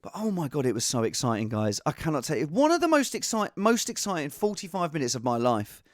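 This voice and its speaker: A comedian hosting his show in a lively, rambling monologue. His pitch leaps all over the place, he jumps from bursts of shouting to low mutters, and the sound is dry and close to the mic. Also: fast talker, no echo. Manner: animated, swings from shouting to mumbling. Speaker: podcast host and impressionist.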